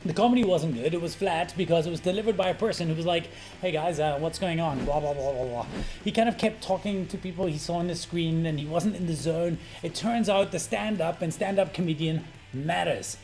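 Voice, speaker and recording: High gravelly guy ranting about presenting, swears a lot, super emphatic, bit of guitar music in the back. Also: fairly quick. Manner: brash, swearing, animated and emphatic. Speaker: presentation coach. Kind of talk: energetic talking-head vlog. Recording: faint guitar music underneath.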